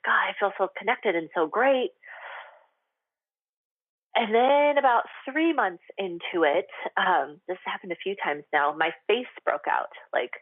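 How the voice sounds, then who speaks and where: A woman's voice: lowish voice, dry recording. A woman hosting a radio show, speaking candidly to her listeners with lots of "like" and "um". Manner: chatty and confessional, heavy with "like" and "um". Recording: tinny phone-line sound, dry.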